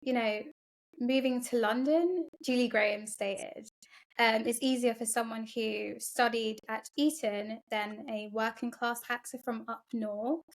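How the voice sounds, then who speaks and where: Higher-pitched woman host asking questions. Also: steady tone, a little slow. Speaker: podcast host, interviewer. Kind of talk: interview questions.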